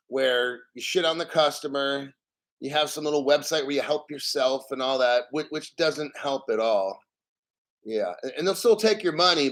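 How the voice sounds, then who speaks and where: A man hosting a crypto channel, ranting bluntly and profanely about banks and the platform while reading out an article, often clearing his throat. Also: a little high, a bit bright.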